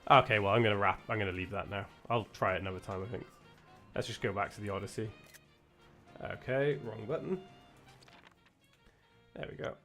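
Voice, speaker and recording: A man's voice: lowish voice, a little fast, pauses often, fairly bright tone, soft background music. A young man with a British accent chatting casually while streaming a game, rambling with lots of restarts and self-corrections. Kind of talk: casual chat while gaming.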